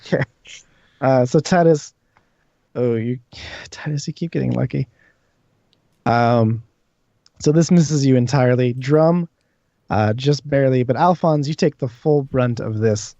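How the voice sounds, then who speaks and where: A man's voice: mid-range voice, unhurried, pauses often, dark tone, no echo. A man narrating as game master, explaining rules and describing scenes patiently. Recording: dull lo-fi stream audio.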